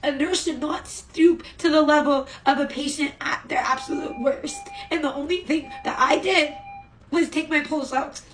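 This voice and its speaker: A woman's voice: high-pitched, normal speed, far from the mic, a little hiss or hum, poor audio. A woman vlogging from her hospital room, telling an upset story about a nurse. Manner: upset, venting. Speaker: hospital patient. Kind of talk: casual storytime vlog.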